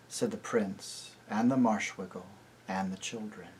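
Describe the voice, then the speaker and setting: A priest reading a children's novel aloud, slow and deliberate. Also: male voice, lowish voice, steady tone, darkish tone, slight background noise.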